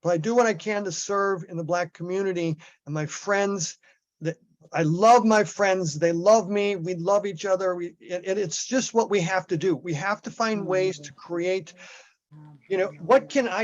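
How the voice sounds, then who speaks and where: A man's voice: high-pitched, moderate pace, highs cut off. A man speaking as an activist in an impassioned group discussion, emphatic and often restarting his sentences, over a video call.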